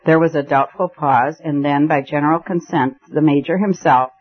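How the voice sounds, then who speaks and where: A man narrating a story aloud in a measured, even storytelling voice. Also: fairly high pitch, husky, lo-fi sound. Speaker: audiobook narrator. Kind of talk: scripted narration.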